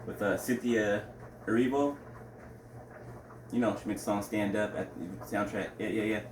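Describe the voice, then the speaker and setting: A man's voice: fairly low pitch, fairly even intonation, moderate pace. Rambling man, roomy and distant. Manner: rambling, asks "right?" often, bursts into loud outcries. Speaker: religious vlogger. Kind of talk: casual religious talk to camera. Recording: roomy, distant mic, faint background noise.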